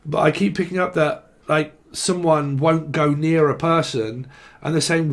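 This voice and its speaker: A man's voice: fairly high pitch, fairly even intonation, unhurried. A man giving a casual, rambling tarot reading, full of slang and swearing. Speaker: tarot reader.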